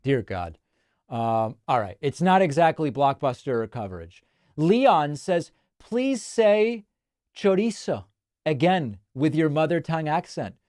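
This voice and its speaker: A man's voice: on the high side, sing-song, unhurried, darkish tone, no echo. A man from Argentina hosting a casual live stream, chatting and reading viewer comments aloud into a close studio mic. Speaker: host.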